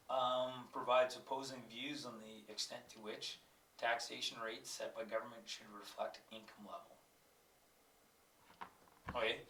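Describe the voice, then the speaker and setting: Guy teacher with a cold going over test questions, bright voice, roomy echo, mic a bit far. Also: mid-range voice, slight background noise. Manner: thinks aloud, reads passages aloud, asides to himself. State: has a cold. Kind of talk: explaining exam questions.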